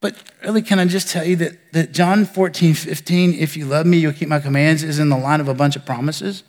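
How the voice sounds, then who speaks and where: A man pastor preaching a sermon, building emphasis and then falling to soft near-whispers. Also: on the high side, fairly even intonation, fairly quick, in a large hall. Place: church sanctuary.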